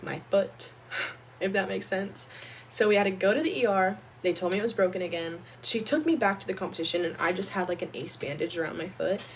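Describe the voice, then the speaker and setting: A young woman vlogger telling a storytime about her own life in a chatty, animated way, full of "like". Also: mid-range voice, a little hiss or hum. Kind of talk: storytime vlog.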